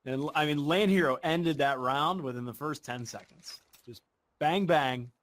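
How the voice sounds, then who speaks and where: A man casting an esports match with play-by-play commentary, talking in quick, excitable bursts. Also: fairly high pitch. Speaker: esports caster.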